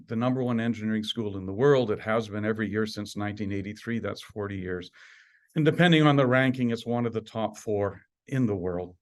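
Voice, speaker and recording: A man in his sixties, from Canada, gives a prepared alumni talk in a lively voice at an ordinary, middle pitch. He jumps up on key words for emphasis and drops low at the ends of phrases. His self-deprecating humor comes through while he stays steady and composed. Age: 60s. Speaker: university administrator giving an alumni talk.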